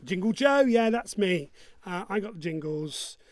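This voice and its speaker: A man's voice: high-pitched, lively intonation, a little slow, no room sound. A man hosting an online pub quiz, joking along and humming his own jingles. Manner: jokey and upbeat, hums his own jingles.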